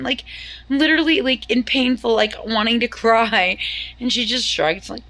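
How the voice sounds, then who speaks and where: A woman in her fifties vlogging about her day in a casual, chatty, animated way. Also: fairly high pitch, measured pace, no echo. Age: 50s.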